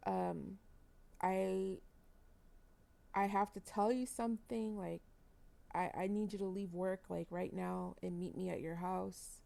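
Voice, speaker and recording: A woman voicing an upset young adult son who haltingly breaks bad news to his mother, in a gameplay story. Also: high-pitched, fairly even intonation, creaky, dark tone, heavily acted. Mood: urgent. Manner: hesitant, urgent.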